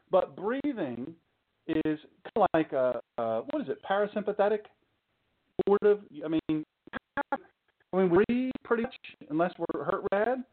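A man giving an informal sermon talk as a preacher, chatty and joking, full of rhetorical questions and asides. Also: high voice. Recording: tinny phone-like sound.

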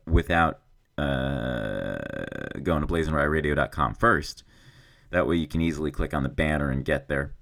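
A man's voice: extremely low pitch, fairly bright tone. A man hosting a podcast, talking in a rambling, self-deprecating, joking way. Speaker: podcast host. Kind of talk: casual podcast intro and interview. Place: office.

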